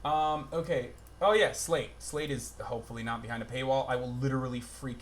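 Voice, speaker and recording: A man's voice: mid-range voice, fairly quick, few pauses, slight background noise. A young man streaming live commentary, rambling, swearing and easily exasperated, recorded on a phone. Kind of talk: livestream commentary.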